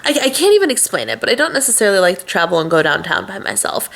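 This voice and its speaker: A woman's voice: mid-range voice, sing-song, racing, gravelly, a bit bright. A young woman vlogging in a casual, chatty way, upbeat and full of little fillers as she shows off items. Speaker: lifestyle vlogger. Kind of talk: casual chat to camera.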